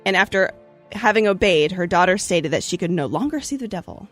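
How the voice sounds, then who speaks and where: A woman's voice: on the low side, expressive, fairly quick, faint music behind. A woman hosting a podcast, telling a history story in a breezy, chatty way with playful asides. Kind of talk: casual storytelling chat.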